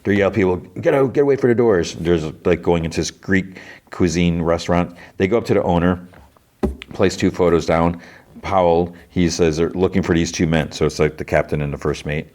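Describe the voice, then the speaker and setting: A man hosting a podcast, casually recapping TV episodes in quick quoted bits, with fillers and restarts. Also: low-pitched, little pitch movement, darkish tone. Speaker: podcast host.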